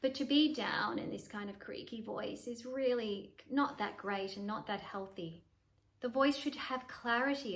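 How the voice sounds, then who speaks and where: A woman voice coach teaching to camera in an encouraging, explanatory tone, now and then demonstrating breathy, nasal or creaky voices. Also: a little high, normal speed. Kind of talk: voice lesson to camera.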